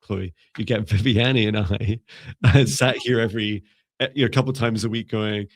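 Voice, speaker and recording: A man with a low, gravelly voice chats on a live stream, rambling and musing and breaking into laughter. The sound is dry and close, with no room echo. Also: fairly even intonation, fairly quick. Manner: rambling, musing, laughs often, self-correcting. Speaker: psychic mentor and live show co-host. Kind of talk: casual live-stream chat.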